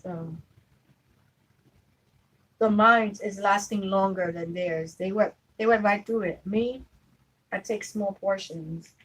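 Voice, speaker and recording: A woman's voice: mid-range voice, takes it slowly, long pauses, fairly bright tone, breathy edge, poor audio. A woman vlogging at home, chatting casually and telling stories about her family in an easygoing, laughing way. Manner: chatty, storytelling, laughs easily. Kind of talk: casual chat to camera.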